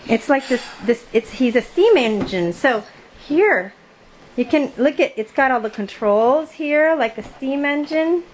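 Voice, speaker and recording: A woman's voice: high voice, expressive, measured pace. A woman filming a home video, coaxing and prompting her small child in his bedroom. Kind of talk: casual home video chat. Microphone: handheld camera mic. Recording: noisy home camcorder audio.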